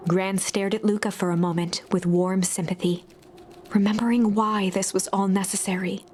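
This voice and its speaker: A woman narrating a video game in a soft, even storytelling voice, sometimes dropping to a whisper. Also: medium pitch, normal speed, a little hiss or hum, lightly acted.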